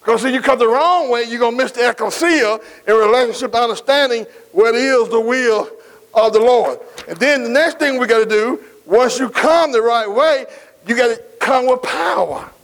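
This pastor's sermon keeps pausing for the congregation to answer his calls, while he lingers over each scripture quote and mixes in folksy asides. He's a man with a very high-pitched, slightly bright voice, heard on a rough recording.

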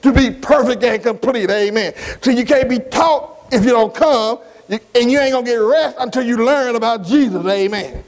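A man preaching a sermon, slow and emphatic, repeating key words, asking his congregation questions and punctuating lines with amens. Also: very high voice, poor audio.

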